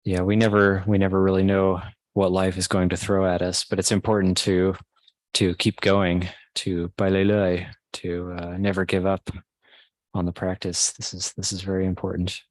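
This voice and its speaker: Very low, flat-voiced monk giving a talk. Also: male voice, no echo. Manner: slow, measured teaching with pauses and restarts. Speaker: Buddhist monk teaching a retreat. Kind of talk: Dhamma talk.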